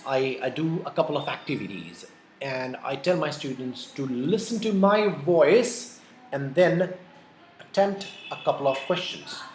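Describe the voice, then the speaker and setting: A man giving a lively exam-prep lecture, repeating his key points and calling his listeners folks. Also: fairly high pitch, slight background noise. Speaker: IELTS teacher. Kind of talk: classroom-style lecture. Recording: echoey room with faint ambience.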